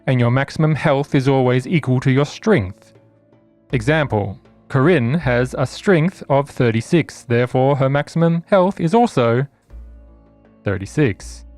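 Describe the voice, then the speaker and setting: A man running a tabletop game, reading out the rules clearly with dry asides. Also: medium pitch, darkish tone, no room sound. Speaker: game master. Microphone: podcast microphone.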